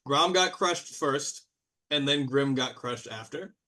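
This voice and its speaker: A man's voice: mid-range voice, takes it slowly, pushed and bright. A man as game master narrating a tabletop game in a loose, chatty way, full of fillers and playful exclamations.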